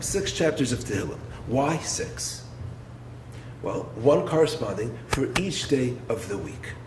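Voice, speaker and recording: Expressive rabbi, bright roomy voice. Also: male voice. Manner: expressive, rhetorical questions, dips low then rises. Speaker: rabbi and yeshiva head. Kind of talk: Torah lecture. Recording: roomy echo with faint background noise.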